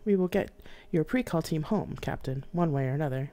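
A woman voicing a smooth, courteous male starship AI with a slight accent. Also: deep voice, fairly quick, warm tone.

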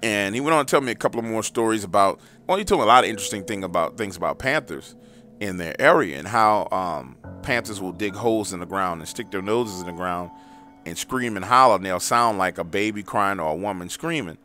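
A man's voice: on the low side, animated, a little fast, bright, forceful tone, faint music behind. A man hosting a paranormal story show, casually retelling callers' encounters in a loose, profane, conversational way while driving.

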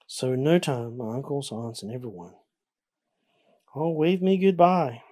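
A storyteller reads a rhyming picture book aloud with a sing-song lilt, the pitch rising and falling a lot. The voice has a husky, breathy edge. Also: animated, measured pace, pauses often, mellow.

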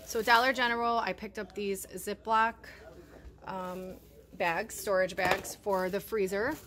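A woman's voice: mid-range voice, fairly even intonation, a little slow, fairly bright tone. A woman, chatting casually to viewers as she unpacks her grocery haul at home, a little out of breath. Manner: chatty, addresses viewers as you guys. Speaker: vlogger showing a grocery haul. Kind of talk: casual talk to camera.

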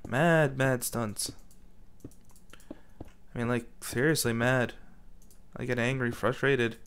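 A man's voice: medium pitch, steady tone, slow pace, a bit bright, smooth. A man doing goofy let's play commentary, rambling and talking back to himself. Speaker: gaming commentator.

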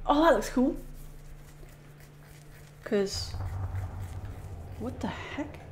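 A young woman streams a game and chats casually through her let's play commentary, jumpy, easily spooked and laughing often. Her voice sits in the mid range, with a little hiss or hum in the recording.

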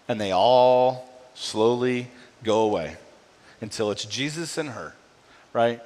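A middle-aged man preaching a sermon in a casual, conversational way, often tagging his points with a quick question to the room. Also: mid-range voice, darkish tone. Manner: conversational, frequent tag "right?". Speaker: pastor. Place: church sanctuary. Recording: long hall reverb.

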